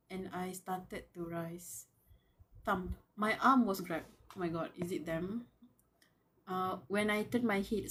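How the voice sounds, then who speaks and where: A woman's voice: mid-range voice, slight background noise. A woman reading a web novel aloud live, breaking off to gush, squeal and laugh at the characters and talk to them. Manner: gushing fangirl reactions, squeals and laughter; muses aloud, talks to the characters. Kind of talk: live reading with excited commentary.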